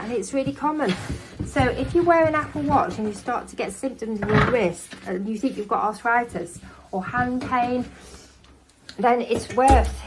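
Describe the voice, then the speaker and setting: Brit lady rambling while she cleans, kinda breathless, lots of background noise. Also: a little high. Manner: chatty, scattered, self-narrating. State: slightly out of breath. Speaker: home cleaning vlogger. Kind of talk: casual chat while cleaning. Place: house, indoors.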